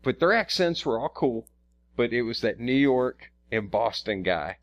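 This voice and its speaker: A man talks in loose, profane podcast chat, his voice sitting at an ordinary middle pitch. He wanders through his stories, stumbling and restarting his sentences as he goes. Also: sing-song, a little slow, highs cut off. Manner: rambling, profane, stammers and restarts. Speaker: podcast co-host. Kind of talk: casual chat.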